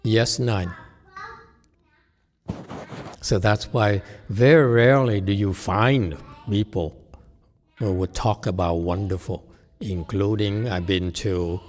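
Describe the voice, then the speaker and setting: Male Buddhist lecturer, unhurried and halting, low-ish voice, temple hall with long reverb. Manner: halting, many restarts, rhetorical "okay?". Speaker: Buddhist teacher. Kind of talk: Dharma lecture answering questions.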